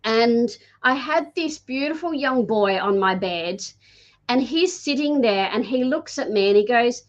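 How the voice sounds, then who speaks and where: A woman healer, a guest on the show, telling stories in a chatty, animated way full of fillers. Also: a little high, measured pace. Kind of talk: casual conversational storytelling. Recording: dull lo-fi audio.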